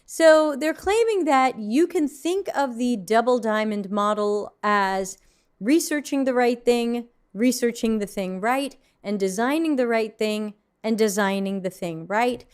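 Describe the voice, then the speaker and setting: A woman with a voice on the high side speaks smoothly at a measured pace. Hosting a livestream from her desk, she gives casual commentary on viewer submissions, frank and mildly snarky, with many ums and restarts.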